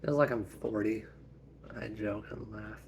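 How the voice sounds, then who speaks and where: A man acting out a family story as the father, talking in a gentle, unhurried way. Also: on the low side, slight background noise. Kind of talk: family role-play storytelling.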